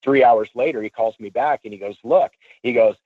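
A man, an auctioneer, telling a long anecdote in a radio interview, casual and animated, and he acts out what people said. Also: medium pitch, a little fast, no room sound, narrow, tinny audio. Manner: animated storyteller, acts out quotes; casual, swears freely. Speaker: auctioneer guest. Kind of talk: storytelling interview.

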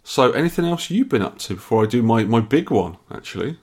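Short on sleep and yawning, a man co-hosting a podcast chats his way through a long, meandering story full of restarts. His husky, slightly mellow voice sits at medium pitch and is very animated, moving fairly quickly.

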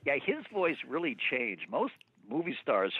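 Chatty voice-actor guest on a phone line. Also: male voice, mid-range voice, measured pace, husky, dry recording. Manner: animated storyteller, slips into impressions. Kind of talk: casual interview chat. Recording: thin phone-line sound.

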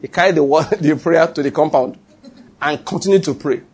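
A man with a Nigerian accent, preaching a sermon and telling stories, animated and laughing, with call-and-response. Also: fairly high pitch, brisk, husky. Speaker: pastor. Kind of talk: sermon with storytelling.

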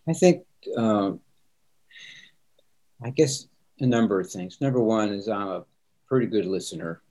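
Earnest low-voiced older pastor. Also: male voice, measured pace, warm tone. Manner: earnest, openly emotional, laughs easily. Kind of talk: candid interview talk.

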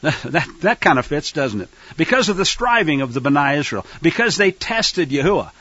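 Animated man teaching scripture. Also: a little high, normal speed, no echo, muffled recording. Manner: animated, acts out quoted lines loudly. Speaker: fellowship teacher.

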